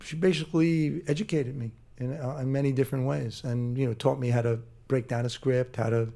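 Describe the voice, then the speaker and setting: A man being interviewed on stage as a guest actor, talking in a halting way with many restarts and fillers. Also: medium pitch, fairly even intonation, vocal fry, dark tone. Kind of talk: casual interview on a live stage. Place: theater stage before a live audience.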